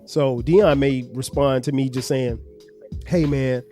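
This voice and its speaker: A man's voice: medium pitch, steady tone, unhurried, warm tone, faint music behind. A middle-aged man hosting a podcast, talking earnestly with his children about parenting, explaining at length with frequent restarts. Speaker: podcast host and father. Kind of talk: reflective family conversation.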